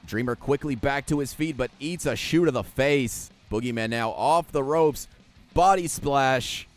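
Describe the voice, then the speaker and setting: A man's voice: mid-range voice, unhurried. A man giving play-by-play wrestling commentary over a video game, sarcastic and jokey and swearing freely. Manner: jokey, laughs at what he describes.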